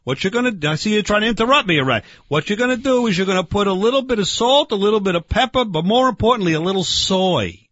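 A man's voice: sits high, animated, quick pace, few pauses, a bit bright, dry recording, dull audio. A man playing a brash, bossy backyard grill-master who lectures and talks over others, in a comedy sketch. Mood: blustering. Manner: bossy, blustering, keeps interrupting, mangles words.

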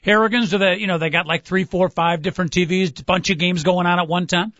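A man's voice: sits high, steady tone, quick pace, fairly bright tone, no echo, lo-fi sound. A man hosting a casual sports talk show, asking wry, teasing questions. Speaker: host.

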